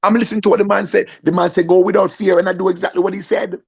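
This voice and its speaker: A young comedian with a high, gravelly, slightly rough voice rattles through a stand-up story at rapid-fire speed. He acts out the voices of the people in it and regularly turns to ask the audience questions, heard through a muffled lo-fi recording.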